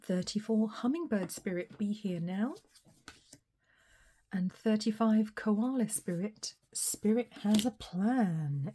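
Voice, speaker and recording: A woman giving a casual tarot reading, her voice a little hoarse from a recent cold, chatty and often laughing. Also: mid-range voice, lively intonation, takes it slowly, slight background noise. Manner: chatty, laughs often, some soft whispery asides. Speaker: tarot reader.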